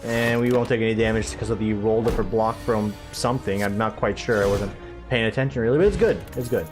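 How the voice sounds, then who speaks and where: A man's voice: lowish voice, fast, over music. A man giving casual, rambling gameplay commentary full of sarcastic asides. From United States. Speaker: let's play gamer.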